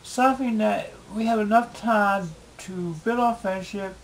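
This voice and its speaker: Pleading man with a gravelly voice. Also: high voice, fairly even intonation, slight background noise, poor audio. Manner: pleading, repetitive, halting. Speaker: video blogger. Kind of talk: emotional personal video diary.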